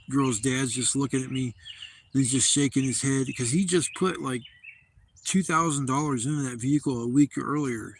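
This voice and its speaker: A man's voice: mid-range voice, a little hiss or hum. Rambling, profane man telling a story. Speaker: livestream host. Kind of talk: casual storytelling on a livestream. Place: outdoor campsite.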